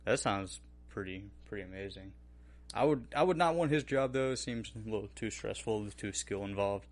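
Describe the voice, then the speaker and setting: A man co-hosting a casual podcast with a somewhat low voice. He talks loosely and swears freely, slipping into acted-out quotes as he goes. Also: normal speed. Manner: animated, profane, acts out quotes. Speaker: podcast co-host. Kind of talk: casual chat.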